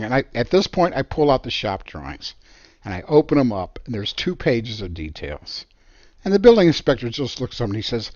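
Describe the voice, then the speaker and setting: A man, an architect, tells a story from his working life in an animated, emphatic way. His pitch sits a little high and swings widely. The sound is dry and slightly dull. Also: a little fast, no room sound. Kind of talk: storytelling monologue.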